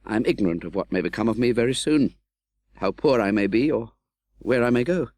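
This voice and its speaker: A man reading an audiobook in scripted narration, expressive and dramatic, voicing the young hero's pleas. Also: mid-range voice, a little fast, dry recording.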